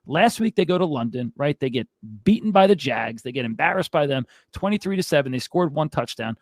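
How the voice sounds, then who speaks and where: A man's voice: fairly high pitch, lively intonation, a little fast, no room sound, studio quality. A man hosting a fantasy football show, ranting in an exasperated, casual way. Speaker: fantasy football podcast host. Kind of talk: casual sports commentary.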